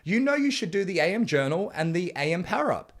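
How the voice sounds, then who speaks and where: A man's voice: high-pitched, big pitch swings, fast. Blunt, swearing motivational man. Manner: blunt, swearing, preachy, surges louder on key points. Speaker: men's coach narrating his book chapter. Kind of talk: motivational self-help reading.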